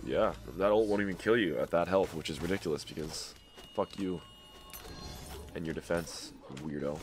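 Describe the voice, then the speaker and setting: A young man with a stuffy nose giving excitable commentary over his own gameplay, trash-talking opponents. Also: low-pitched, normal speed, music in the background. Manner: excitable, swings to loud yelps and trash talk. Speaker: gaming YouTuber. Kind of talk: game commentary.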